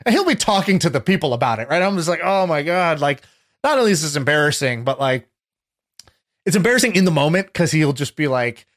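A man's voice: fairly high pitch, big pitch swings, fast talker, a bit bright. A young man telling stories in casual conversation, rambling with lots of filler words and restarts.

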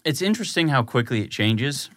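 A man's voice: medium pitch, very animated, a little fast, fairly bright tone. A young man as a podcast guest, talking in a dry, laid-back, sarcastic way. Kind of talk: casual podcast chat.

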